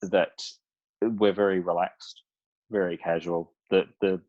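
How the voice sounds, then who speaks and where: An Australian man with a very deep, husky voice chats loosely over a video call, restarting his sentences and leaning on fillers. The sound is dry and a little muffled, like laptop call audio. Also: little pitch movement, takes it slowly, a little mellow, no echo. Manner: rambling, many restarts and fillers, laughs often. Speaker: guest speaker.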